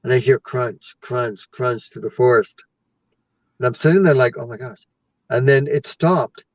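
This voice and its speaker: A man from western Canada tells a lively story as a guest, acting out his own reactions along the way. His voice sounds distant from the mic and a bit muffled. The recording is dry. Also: mid-range voice, a little slow, no echo. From British Columbia, Canada. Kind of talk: casual storytelling.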